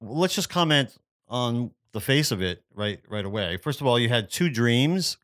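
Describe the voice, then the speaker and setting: A man's voice: mid-range voice, sing-song, moderate pace, fairly bright tone. A man co-hosting a podcast, chatting in an upbeat, enthusiastic way. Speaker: podcast co-host. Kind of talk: casual chat.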